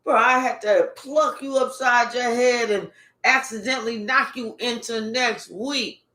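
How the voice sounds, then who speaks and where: High, slow-talking woman tarot reader. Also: roomy sound. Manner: animated, profane, emphatic outbursts. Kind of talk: casual live tarot reading.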